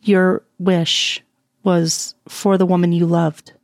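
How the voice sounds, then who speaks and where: A woman reading the lines of a composed, teasing adult woman in an audio story, in a soft, sultry voice. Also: on the low side, flat delivery, slow, no room sound, clean studio sound. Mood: tender.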